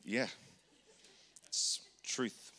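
Male pastor, bright forward tone, earnest and conversational, repeats words as he thinks. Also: extremely slow, whispered. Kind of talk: sermon teaching.

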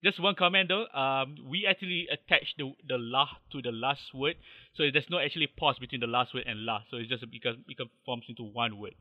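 A man's voice: mid-range voice, brisk, no echo. A man from Malaysia, a podcast guest chatting casually and explaining slang with lots of fillers. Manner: chatty, many "like" fillers, laughs easily. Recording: dull lo-fi podcast mic.

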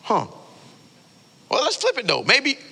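A male pastor preaching a sermon in a church, telling stories in casual slang with animated delivery. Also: extremely high pitch, measured pace, vocal fry, slightly rough. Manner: animated storytelling, casual slang, frequent "like" fillers. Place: church sanctuary. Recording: long hall reverb.

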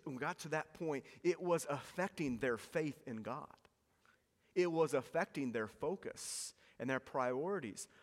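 Earnest male pastor preaching in a hall. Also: fairly high pitch. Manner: earnest, pleading, repeats words when emphasizing. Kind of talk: sermon.

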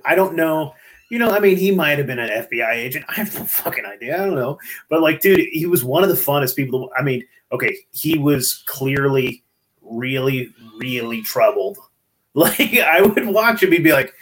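A man in casual podcast chat, telling stories in a profane, excitable way from home. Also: medium pitch, moderate pace.

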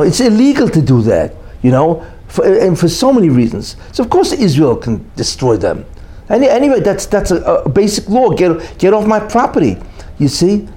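A man's voice: sits high, dark tone. A man giving an opinionated monologue as a commentator, emphatic and full of rhetorical questions and repeated "you know".

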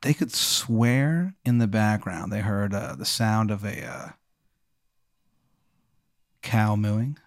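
A man casually improvising an absurd deadpan scenario, halting with fillers as he goes. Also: on the low side, gravelly, dry recording, studio quality. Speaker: podcast host posing a hypothetical.

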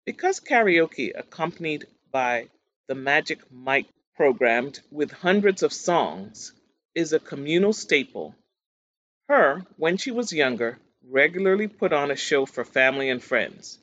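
A man reading magazine news stories aloud in a steady read-aloud delivery. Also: a little high, unhurried, highs cut off. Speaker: news reader.

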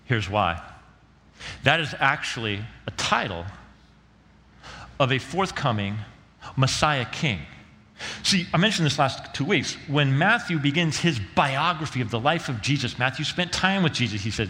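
Animated preacher man in an echoing hall. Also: mid-range voice, a little slow. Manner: conversational, acts out quotes, casual slang. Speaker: pastor. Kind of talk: sermon.

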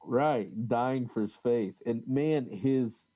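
A man's voice: medium pitch, no echo, muffled recording. A man co-hosting a casual talk on religious history, reading old accounts aloud with frequent fillers and restarts. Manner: halting, many restarts and fillers, reads quotes aloud. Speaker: podcast co-host.

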